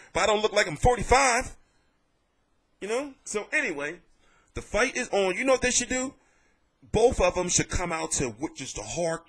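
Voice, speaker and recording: In a casual boxing vlog, a high-pitched man offers animated commentary full of jokes and profanity.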